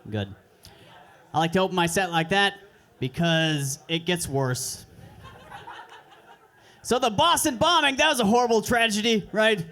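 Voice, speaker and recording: High-voiced young man doing crude deadpan stand-up. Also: measured pace, long pauses. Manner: deadpan, crude, self-mocking delivery. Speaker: stand-up comedian. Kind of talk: stand-up set at an open mic. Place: comedy club stage.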